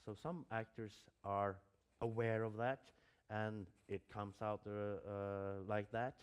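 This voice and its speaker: A man's voice: fairly low pitch, steady tone, slow pace, clear, resonant tone. A man, an acting teacher giving a lecture, hesitant and full of fillers and restarts.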